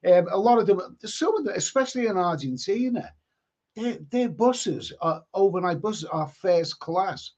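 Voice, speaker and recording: A man's voice: sits high, expressive, normal speed, darkish tone. A man hosting a live stream, chatting casually and reading out viewer comments, often stumbling and repeating words. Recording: lo-fi stream audio.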